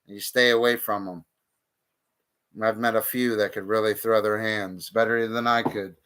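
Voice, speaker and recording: A man's voice: on the low side, fairly even intonation, moderate pace, a bit bright, smooth. A man streaming a casual monologue, talking bluntly and profanely with heated outbursts.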